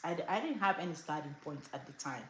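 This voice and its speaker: A woman's voice: sits low, fast talker, slight background noise. A middle-aged woman from Africa, hosting a lifestyle livestream, telling a story casually with lots of laughs and fillers. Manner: animated, laughs often, many fillers. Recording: roomy echo.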